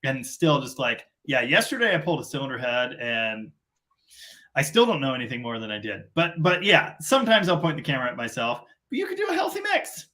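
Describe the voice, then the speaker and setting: Bright-voiced rambling male live-stream host. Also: medium pitch, very animated, fairly quick. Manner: rambling, self-deprecating, talks in long run-on chains. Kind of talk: casual live-stream chat.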